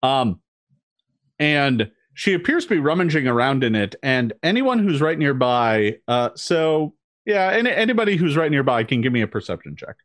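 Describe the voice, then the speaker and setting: Lively dungeon master man. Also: mid-range voice, normal speed, no room sound, clean studio sound. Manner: descriptive, lots of ums and restarts. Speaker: game master. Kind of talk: narrating a tabletop game.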